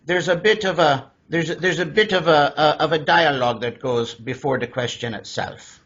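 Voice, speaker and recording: Husky guy hosting a goofy podcast interview, slightly high voice, dull lo-fi sound. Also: moderate pace, fairly bright tone, slight background noise. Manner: jokey, storytelling, stumbles over words. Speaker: podcast host. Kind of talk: playful interview chat.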